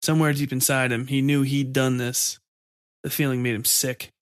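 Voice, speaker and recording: A man narrates a horror story in a steady, measured voice. His pitch sits in the middle range. The recording is dry and close with no room sound. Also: dry recording.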